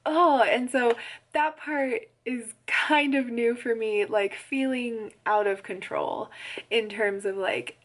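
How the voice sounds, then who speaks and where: A young woman telling a story in a casual vlog, chatty and quick to laugh, full of "like" fillers. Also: on the high side, fairly even intonation. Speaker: pregnancy vlogger.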